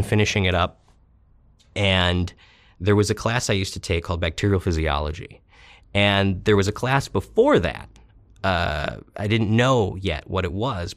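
Low-voiced man telling stories. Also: a bit bright, no room sound. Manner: rambling, self-deprecating humor. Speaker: interview guest. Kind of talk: casual storytelling interview.

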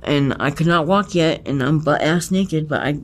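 An interviewee with a fairly high-pitched voice recounts a personal ordeal in conversation. He speaks intensely and profanely, halting often, with many restarts and emphatic repetitions.

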